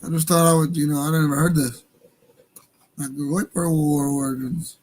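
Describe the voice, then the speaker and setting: A man's voice: a little high, steady tone, normal speed, darkish tone, low-quality recording. A Native American man hosting a livestream radio show, talking casually in a rambling, profane way and laughing at his own jokes.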